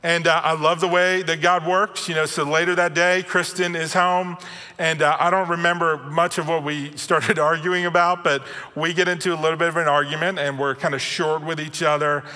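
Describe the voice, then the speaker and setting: A man's voice: on the high side, flat delivery, normal speed, bright, forceful tone, big-room sound. A middle-aged male pastor preaching a sermon in a conversational, self-deprecating storytelling manner. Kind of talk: sermon with personal stories.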